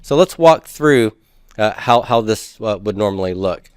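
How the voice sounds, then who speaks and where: A man's voice: on the low side, animated, unhurried, clean tone, no room sound. Guy giving a lecture, explains step by step, quizzes the class, dry close sound. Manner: explanatory, asks the class questions, folksy asides. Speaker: teacher. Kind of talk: recorded lecture.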